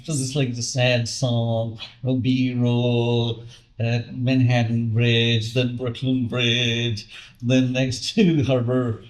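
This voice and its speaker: A man hosts a casual interview and speaks at an unhurried, slow pace. He mostly listens, adding short murmurs and the occasional brief question. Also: medium pitch, flat delivery, rough recording. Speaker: podcast host.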